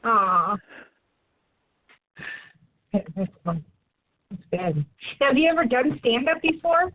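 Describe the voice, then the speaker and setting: A woman's voice: fairly high pitch, very animated, slow, no echo. A woman co-hosting a radio interview, encouraging and laughing often. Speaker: radio co-host. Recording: phone line.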